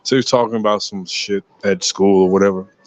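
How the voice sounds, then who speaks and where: A man's voice: fairly low pitch, fairly even intonation, a little fast, no echo. A man on a casual podcast, telling stories with emphasis and blunt profanity, sometimes acting out other people's voices. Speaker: podcast co-host. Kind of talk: casual podcast debate, storytelling. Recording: dull lo-fi sound.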